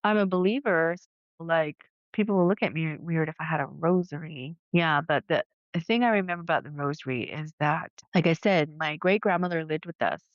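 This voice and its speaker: A woman's voice: sits low, a little fast, dry recording. Chatty woman podcast host, dull dry sound. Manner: chatty, animated, acts out quoted voices. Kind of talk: casual storytelling monologue.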